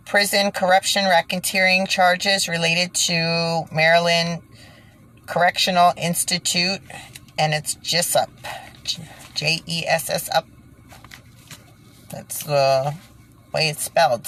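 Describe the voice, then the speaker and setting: Woman, indignant commentary, emphatic repetition, low voice, stumbles while reading. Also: fairly bright tone. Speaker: video creator reading news. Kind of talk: impassioned commentary and halting reading aloud. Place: indoors by fading daylight.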